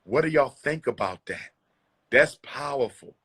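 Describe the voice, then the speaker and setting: A man's voice: mid-range voice, animated, measured pace, fairly bright tone, breathy edge. A man hosting a live call-in stream, talking casually and emphatically with his callers. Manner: emphatic, calls callers queen. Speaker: live talk show host taking callers.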